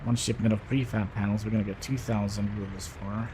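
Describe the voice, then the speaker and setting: A man's voice: fairly low pitch, flat delivery, brisk, background noise. A man livestreaming a city-building game, talking casually and hesitantly as he thinks aloud. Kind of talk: casual gameplay commentary.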